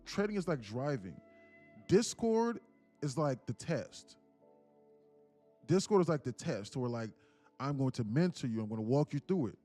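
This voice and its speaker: A man's voice: mid-range voice, lively intonation, moderate pace, dark tone, faint music behind. A man hosting a live trading stream and mentoring viewers, talking in a rambling, slangy way with many restarts. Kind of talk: casual live-stream talk.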